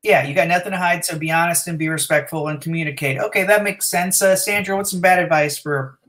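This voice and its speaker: A man's voice: a little high, a bit bright. Man hosting an improv game on video. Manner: quick recaps of answers. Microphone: video call.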